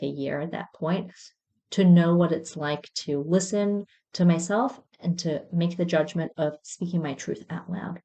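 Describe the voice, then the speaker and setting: A woman in her thirties, host of a podcast, candidly telling a personal story in a reflective monologue. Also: lowish voice. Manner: candid, reflective, with soft self-mocking laughs.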